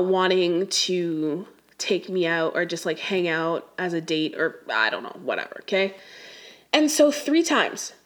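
A woman's voice: medium pitch, a bit bright. A young woman rants casually to her viewers in slangy, exasperated speech. Her voice sits in an ordinary middle register. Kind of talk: casual storytime rant.

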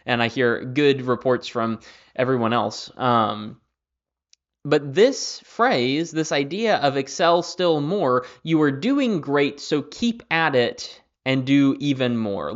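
A young man hosting a Bible study podcast, talking in a relaxed, conversational way with plenty of fillers and restarts. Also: medium pitch. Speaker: Bible teacher and podcast host. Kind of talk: casual Bible study talk. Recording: slightly dull lo-fi audio.

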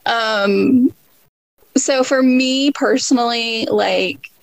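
Giggly chatty woman with a gravelly edge. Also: fairly high pitch, drawn-out words, rough recording. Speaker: author guest. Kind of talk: casual podcast chat.

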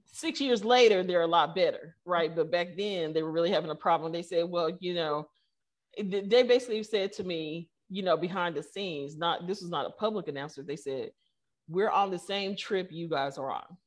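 Animated woman telling a story. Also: lowish voice, fairly quick. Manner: animated storyteller, many fillers, acts out quotes. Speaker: guest, tech company co-founder. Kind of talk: casual conversational interview.

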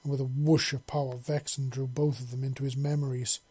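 A man narrating a story chapter in a steady, earnest reading voice. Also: mid-range voice, fairly quick, breathy edge. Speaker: audiobook narrator.

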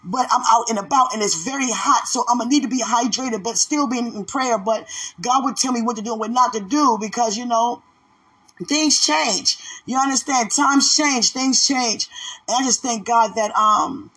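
A woman who runs a ministry, praying out loud and talking about her faith in a fervent, exclamatory way. She swings from loud bursts of praise down to quiet murmurs. Her voice is bright and a little husky. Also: normal speed. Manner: swings between loud outbursts and low murmurs. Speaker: ministry leader. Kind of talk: spontaneous prayer and spiritual talk.

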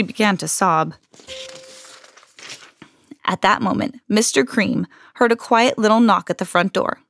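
A woman hosting a podcast, reading a children's picture book aloud in an expressive storytelling manner. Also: medium pitch, measured pace, gravelly, long pauses, no echo, clean studio sound.

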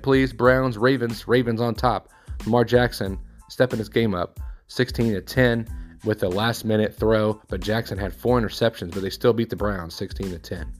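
Casting note: thirty-something man, relaxed sports recap host, rambling and offhand, faint music behind. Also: medium pitch. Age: 30s. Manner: offhand, rambling score rundown with personal asides.

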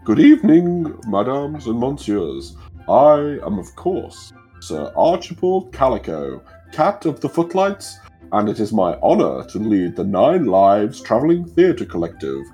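A man's voice: lowish voice, mellow. A man voicing a grandiose male cat who leads a theatre troupe, with a pompous, theatrical announcer's delivery. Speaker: game master.

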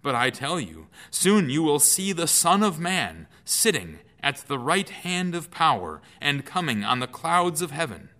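A man voicing a calm teacher on trial. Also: medium pitch, moderate pace, pitched above the performer's own voice. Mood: solemn. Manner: earnest, raised and declaiming. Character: calm authoritative male teacher under trial.

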